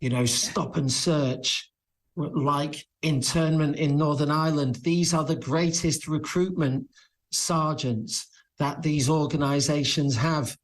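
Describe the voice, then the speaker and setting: A man appearing as a criminal lawyer guest on a TV talk show, arguing his point in an earnest, measured way. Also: on the high side, fairly even intonation. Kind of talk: TV studio debate.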